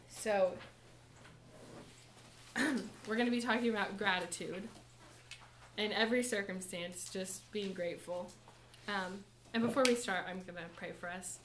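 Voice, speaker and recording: A young woman in a church college group, giving a personal testimony and short lesson, talking softly and haltingly with many fillers and nervous laughs. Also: medium pitch, steady tone, a little hiss or hum. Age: young adult.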